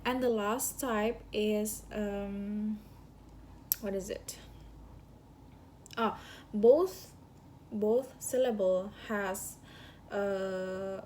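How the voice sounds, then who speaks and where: Slow, halting young woman reviewing lessons. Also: medium pitch, darkish tone, slight background noise. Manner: halting, searching for words, self-correcting. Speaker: student giving a class review. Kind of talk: spoken course review.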